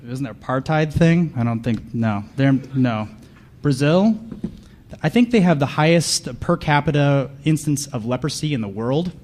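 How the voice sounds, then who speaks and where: A male conference panelist with an ordinary mid-pitched voice works the room in a loose comedic riff. He sounds sarcastic and mock-paranoid, with a dry, deadpan delivery, and he keeps tossing quick questions at the audience. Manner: sarcastic, riffing, asks the crowd questions. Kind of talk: comedic live talk to an audience.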